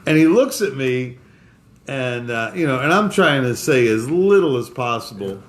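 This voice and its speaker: A man's voice: medium pitch, animated. Rambling male podcast co-host. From Florida. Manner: rambling, halting with many restarts. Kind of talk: casual storytelling chat.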